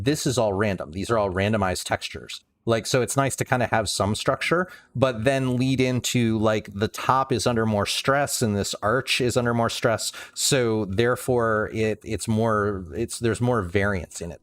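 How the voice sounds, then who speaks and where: Low-voiced guy rambling thru his game build on stream, restarts a lot, dry sarcastic bits. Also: moderate pace, few pauses. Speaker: livestreamer. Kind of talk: casual game commentary.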